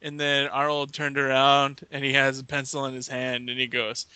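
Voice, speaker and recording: A man's voice: mid-range voice, flat delivery, normal speed, few pauses, pushed and bright, smooth. A man co-hosting a comedy podcast, with dry, teasing banter. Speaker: podcast co-host. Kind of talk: casual comedy chat.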